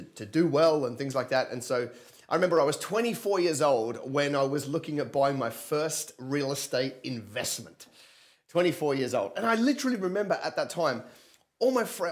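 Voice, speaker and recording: A man, giving an energetic livestream sermon and calling on viewers to respond. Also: a little high, normal speed. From London and Australia. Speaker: preacher and business coach.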